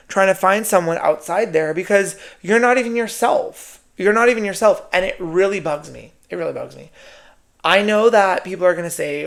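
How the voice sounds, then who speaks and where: Gravelly, sassy male podcast host. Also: sits high, normal speed, a bit bright. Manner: sassy, profane, keeps adding "right?". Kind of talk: casual solo monologue.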